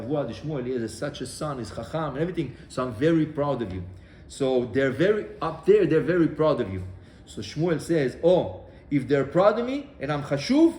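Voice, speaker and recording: A man gives a Torah class, slipping into the voices of the people in his story with lively restarts. His voice sits a little high for a man. The room is echoey, with a faint hum of ambience behind him. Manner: animated storyteller acting out dialogue, many restarts. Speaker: rabbi.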